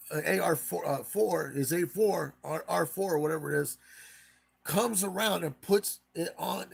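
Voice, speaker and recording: A man's voice: a little high, creaky, a bit bright, slightly rough. A man hosting a live stream, casually retelling a case in a rambling way and acting out the quotes.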